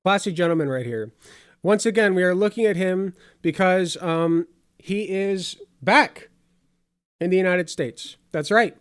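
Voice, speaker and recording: A man's voice: sits high, unhurried, clean tone, no room sound, clean studio sound. A man hosting casual political commentary over clips, sarcastic and rambling with many fillers.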